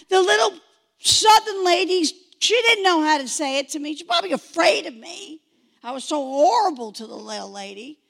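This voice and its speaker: Fervent woman in her sixties, very high voice. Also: expressive, normal speed, vocal fry. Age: 60s. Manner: emphatic, swings from shouting fervor to hushed intensity. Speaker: speaker giving testimony. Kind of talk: impassioned testimony sermon.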